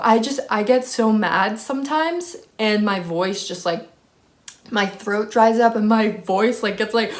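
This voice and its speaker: A woman's voice: fairly high pitch, expressive, unhurried, a bit bright. Heated young woman ranting. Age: young adult. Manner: rambling and heated, full of "like". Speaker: vlogger. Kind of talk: storytime vlog.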